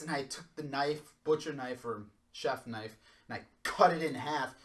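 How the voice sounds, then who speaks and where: A man's voice: medium pitch, normal speed, fairly bright tone. A man co-hosting a podcast, telling a rambling story in casual chat full of "I was like.". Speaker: podcast co-host. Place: podcast room.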